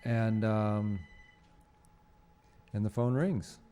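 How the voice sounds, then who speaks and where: A man hosting a local TV show from a studio, talking off the cuff in a halting, rambling way with lots of fillers and restarts. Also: fairly low pitch, fairly even intonation, dark tone. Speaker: host of a local cable show. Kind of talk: unscripted studio monologue. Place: TV studio with green screen.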